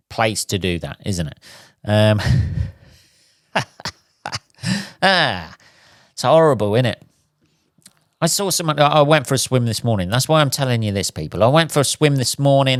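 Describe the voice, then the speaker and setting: A man's voice: mid-range voice, dry recording, studio quality. Sweary man ranting on his podcast. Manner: sweary, rambling comic rant. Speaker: podcast host. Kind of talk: casual solo podcast monologue.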